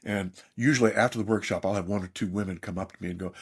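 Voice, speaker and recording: A man's voice: low-pitched, very fast, few pauses, breathy edge. An older man, a therapist and author, speaking as a podcast guest in an emphatic storytelling manner. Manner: animated, emphatic storyteller, mimics others in quotes.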